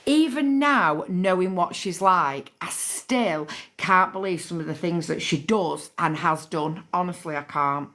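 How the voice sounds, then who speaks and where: A woman's voice: on the low side, unhurried, few pauses, fairly bright tone. A middle-aged woman, chatting casually on a phone livestream and thanking viewers by name. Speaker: livestream host.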